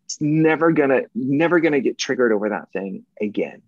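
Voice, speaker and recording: A man speaking as a podcast guest in casual conversation, emphatic and often profane, shifting between intense and gentle. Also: mid-range voice, expressive, fairly quick, no echo, narrow, tinny audio.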